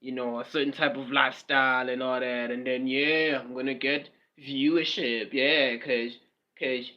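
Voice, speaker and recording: A man's voice: medium pitch, flat delivery, moderate pace, lo-fi sound. A man with a South African accent rambling casually on a livestream, with repetitive fillers and mocking asides.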